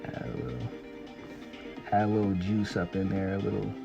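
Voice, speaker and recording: A man casually chatting and rambling excitably on a livestream while he draws. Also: deep voice, normal speed, gravelly, lo-fi sound, music in the background. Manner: rambling and excitable, full of fillers. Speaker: artist streaming a drawing session.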